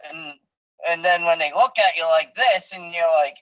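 A man's voice: fairly high pitch, normal speed, pushed and bright, lo-fi sound. A man who wrestles professionally tells stories in a casual interview, bluntly, with lots of fillers and restarts.

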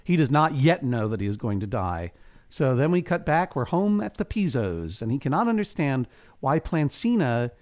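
A man's voice: mid-range voice, sing-song, normal speed, darkish tone. A man co-hosting a podcast who recaps a television drama in a wry, playful way and acts out the characters' lines. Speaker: podcast co-host. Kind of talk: comedic recap chat.

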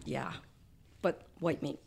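A woman's voice: slow, darkish tone, a little hiss or hum. A woman guest chatting casually on a podcast, giggly and stumbling over words. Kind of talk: casual chat.

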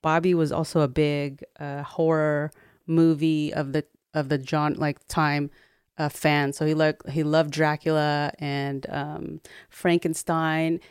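A woman co-hosting a podcast, relaxed as she tells the history with many fillers. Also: deep voice, slow pace, clear, resonant tone, dry recording, clean studio sound. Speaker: podcast co-host. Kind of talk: casual chat.

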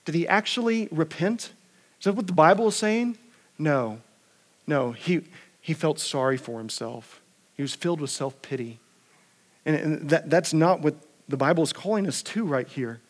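A pastor preaching a conversational sermon, asking rhetorical questions and often repeating words. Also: male voice, fairly high pitch, moderate pace.

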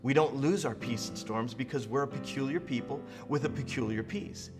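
A man's voice: medium pitch, moderate pace, music in the background. A man preaching a sermon as pastor, building momentum with rhetorical questions and repetition. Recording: long reverb of a large hall.

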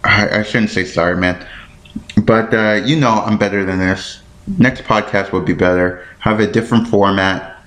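A man's voice: fairly low pitch, fairly even intonation, normal speed, fairly bright tone, reverberant. A man hosting a podcast on his own, rambling and thinking aloud as he looks things up, tripping over words and apologizing for it. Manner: self-deprecating, stumbles over words. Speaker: podcast host. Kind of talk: casual solo podcast talk.

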